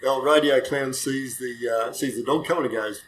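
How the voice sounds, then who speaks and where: A man's voice: mid-range voice, moderate pace, slight background noise, poor audio. An older Australian man, a retired police dog handler, telling rambling, self-correcting stories in casual chat and swearing freely.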